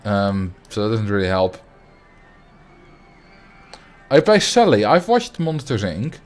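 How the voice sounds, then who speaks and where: A man's voice: on the low side, sing-song, normal speed, faint music behind. A young adult man streaming a game, chatting casually and rambling as he answers his viewers. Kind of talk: casual livestream chat while playing.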